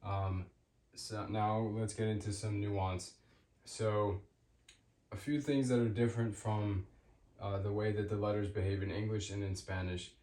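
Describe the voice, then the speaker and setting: Slow-talking man teaching, echoey room. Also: lowish voice, steady tone, warm tone. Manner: hesitant, many ums, repeats example words slowly. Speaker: language teacher. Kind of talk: casual spoken lesson.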